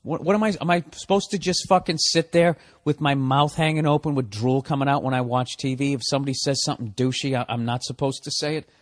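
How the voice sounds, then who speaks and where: A man's voice: mid-range voice, fast, hardly any pauses, dry recording. Brief: exasperated male podcast host ranting with heavy profanity and sarcasm. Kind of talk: comedic rant.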